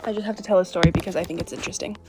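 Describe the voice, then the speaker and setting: A woman casually telling a personal story about a lucid dream, in a relaxed, chatty way. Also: fairly low pitch, rapid-fire, loud music behind the voice.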